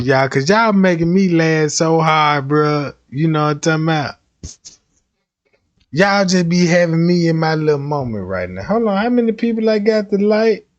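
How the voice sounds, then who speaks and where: Rowdy high-pitched man ranting on stream. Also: no room sound. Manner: profane, rowdy, animated comic rants. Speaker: livestreamer. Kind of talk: casual livestream storytelling.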